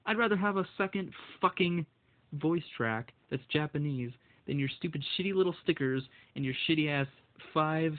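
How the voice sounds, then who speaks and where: A man's voice: a little high, normal speed, phone-quality sound. A man ranting angrily about video game prices, swearing constantly and stumbling over his words, his voice shaking with anger. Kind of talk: angry solo rant.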